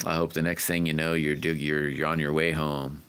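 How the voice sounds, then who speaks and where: A man hosting a casual livestream, chatting to viewers and greeting them by name in a rambling, friendly way, sometimes whooping loudly. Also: rumbling low, flat delivery, moderate pace, clear, resonant tone. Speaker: livestream host. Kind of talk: casual livestream chat reading viewer comments.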